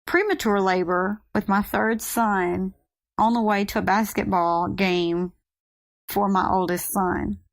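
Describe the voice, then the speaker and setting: A woman's voice: mid-range voice, dry recording. Chatty woman telling a story. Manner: chatty, acts out quoted voices. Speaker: vlogger, mother. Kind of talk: casual storytelling to camera.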